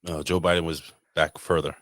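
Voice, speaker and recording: A man's voice: extremely low pitch, flat delivery, a little fast, fairly bright tone, no echo, studio quality. A man from New York City co-hosting a podcast, ranting casually and swearing constantly. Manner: profane ranting. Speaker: podcast co-host. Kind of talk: casual chat.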